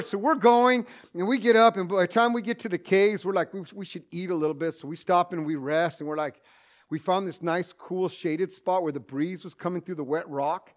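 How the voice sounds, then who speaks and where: A man telling a humorous personal story to an audience, self-mocking and full of joking asides. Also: high-pitched.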